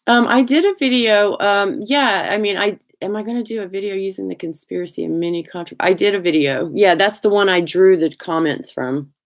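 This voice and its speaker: A middle-aged woman with a Southern US accent hosting a casual live chat, talkative and quick to laugh, greeting viewers by name. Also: mid-range voice. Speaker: livestream host.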